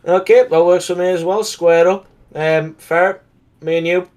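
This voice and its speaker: A man's voice: sits high, fairly even intonation, unhurried, darkish tone. A man on a casual voice call, speaking in a blunt, insistent way and swearing freely. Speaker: call participant.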